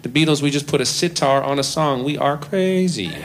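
A man's voice: a little high, a little fast, a little hiss or hum, pitched above the performer's own voice, natural voice. A man voicing a gloomy, indifferent young rock star as part of a comedy story, mumbling with a sighing, careless manner. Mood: boastful. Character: mopey, apathetic famous male rock star, young adult.

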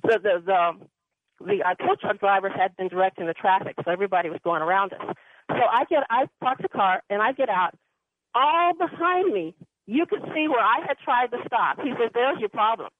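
A woman's voice: medium pitch, lively intonation, brisk, no echo. Woman, caller, rambling and chatty, tinny telephone audio, dry. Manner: chatty, rambling, laughs often. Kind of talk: telling a personal story on a call-in show. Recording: tinny phone line.

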